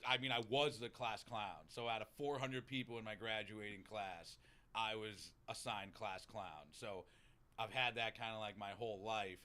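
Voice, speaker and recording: A man's voice: fairly low pitch, normal speed. A man with a Boston accent telling recovery stories in casual chat, swearing freely and acting out what people said. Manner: animated, swearing, acts out quotes. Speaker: podcast guest in recovery.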